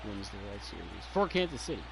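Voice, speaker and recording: A young man streaming a baseball video game, chatting casually and rambling excitedly as a sports fan, with the odd swear word. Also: on the low side, quick pace, creaky, noisy background. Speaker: gaming streamer. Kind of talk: casual chat over gameplay.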